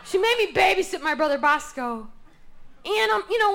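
A woman's voice: very high voice, lively intonation, normal speed, a bit bright. A woman performing a stand-up comedy routine on stage, delivering absurd one-liners with mock seriousness. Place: comedy stage before an audience. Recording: noisy live recording.

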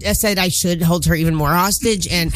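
A woman's voice: fairly low pitch, a little fast. A young woman talking casually as a podcast co-host, rambling and laughing often. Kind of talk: casual chat.

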